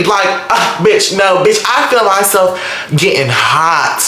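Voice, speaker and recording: A young man telling a story in a vlog, animated and dramatic, with lots of cursing. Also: sits high, slow pace, a little hiss or hum. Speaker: vlogger. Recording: echoey room.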